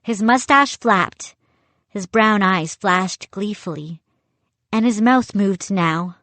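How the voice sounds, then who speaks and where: A woman reading a children's chapter book aloud, in a slow, measured way. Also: mid-range voice, a bit bright, no echo. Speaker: reader. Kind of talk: audiobook narration.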